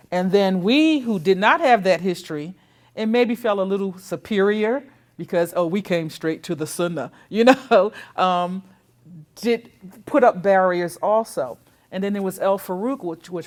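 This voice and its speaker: An older woman with a fairly low voice, recalling her community's history in a recorded interview. She talks in a reflective, storytelling way and voices other people's remarks as she tells it. Her speech is full of restarts and repeated words. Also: moderate pace, darkish tone.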